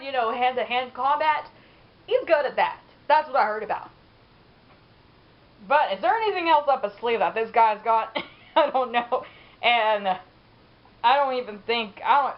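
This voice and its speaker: A woman's voice: on the high side, lo-fi sound. A woman giving casual, rambling gameplay commentary, chatty and laughing often.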